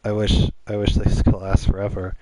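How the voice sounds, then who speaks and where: A man voicing a shy teenage girl who skipped prom, in soft, plainly spoken quotes, in his own low voice. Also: monotone, normal speed, a little hiss or hum, close to an everyday voice, low-quality recording. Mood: wistful.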